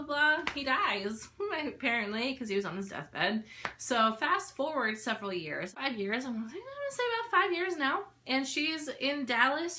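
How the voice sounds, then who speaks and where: A woman's voice: fairly high pitch, sharp tone. A young woman vlogger giving a casual, candid book review, talking in a chatty way with lots of fillers.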